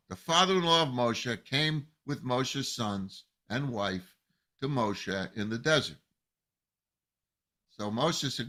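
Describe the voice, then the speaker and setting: A man teaching scripture as a rabbi, telling the story with plenty of life. His pitch swings widely as he acts out the people he quotes, and his voice has a bright, forward edge. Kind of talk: Torah lesson.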